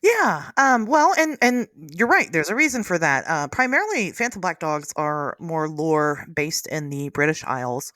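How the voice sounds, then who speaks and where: A podcast host from the United States talking in lively casual chat, laughing often. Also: medium pitch, normal speed, hardly any pauses, no echo, clean studio sound.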